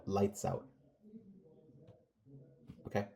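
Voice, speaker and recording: A chess commentator recapping a game, calling out moves in quick lists and scolding the players with sarcastic rhetorical questions. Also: warm tone. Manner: calls out moves in rapid lists.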